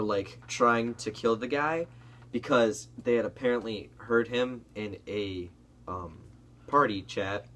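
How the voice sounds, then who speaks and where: A man's voice: lowish voice, a bit bright, slight background noise. A young man co-hosting a casual comedy chat, telling a gaming story with lots of fillers and swearing. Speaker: co-host.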